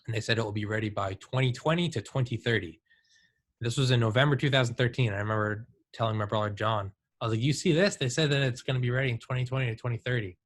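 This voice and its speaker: A man in his thirties hosts a podcast, his medium-pitched voice moving at a quick clip. He's an animated storyteller in casual conversation, sprinkling his tales with plenty of "like" and "dude."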